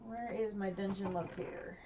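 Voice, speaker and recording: A woman's voice: medium pitch, fairly even intonation, moderate pace, mellow, recorded from a distance. A woman streamer commenting on a game as she plays, thinking aloud and chatting to herself. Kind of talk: gameplay livestream commentary.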